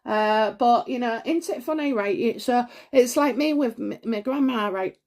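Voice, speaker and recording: A woman in her forties gives a solo tarot reading, her voice sitting a little above the usual pitch for a woman. She rambles and hesitates, stacking up fillers and restarts, and breaks in with gasps as she goes. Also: normal speed, a little mellow. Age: 40s. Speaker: tarot reader.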